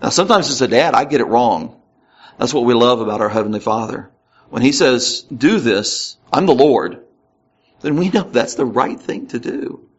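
A man's voice: medium pitch, lively intonation, a little fast, breathy edge, lo-fi sound. A man preaching a conversational Bible lesson, reading verses aloud with rising emphasis between casual asides. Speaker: pastor. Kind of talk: Bible teaching sermon.

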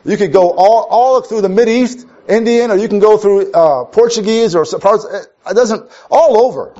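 The man's mellow voice sits high, and he moves at a moderate pace through a conversational sermon. He's from Minnesota, tells wry stories, and restarts sentences often; the lo-fi recording sounds dull.

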